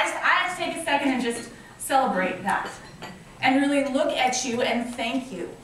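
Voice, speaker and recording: A woman in her thirties who founded a nonprofit delivers a fundraiser speech brimming with enthusiasm, gratitude, and personal anecdotes. Her high, slightly bright voice comes from a distance in an echoey convention hall, over slight background noise.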